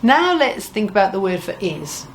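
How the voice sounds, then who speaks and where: A woman's voice: mid-range voice, sing-song, normal speed, a little hiss or hum. A middle-aged woman teaching a language lesson, patiently repeating words for learners. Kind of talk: slow, deliberate Spanish lesson.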